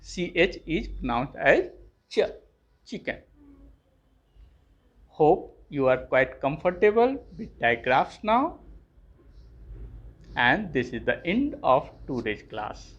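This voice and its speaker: A teacher giving a phonics lesson to young children, spelling each word letter by letter and then saying it clearly. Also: mid-range voice, very animated, slow, long pauses, fairly bright tone, highs cut off.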